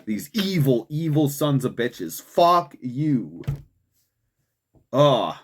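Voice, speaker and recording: A man's voice: medium pitch, sing-song, extremely slow. Young male show host; heated, profane ranting, casual "dude" fillers. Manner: profane, heated, swearing constantly; frequent fillers like "man" and "dude". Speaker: host of a political commentary show. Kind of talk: angry ranting commentary.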